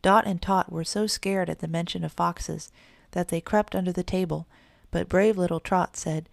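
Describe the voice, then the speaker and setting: Woman narrator, children's audiobook, low gravelly voice, dry close mic. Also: steady tone, darkish tone, no room sound. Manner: measured storytelling.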